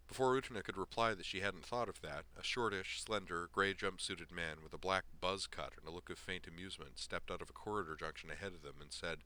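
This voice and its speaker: A man narrating a story at a steady, even pace in audiobook style. His voice is deep yet bright and forceful. The delivery is plain storytelling. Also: fairly quick, few pauses.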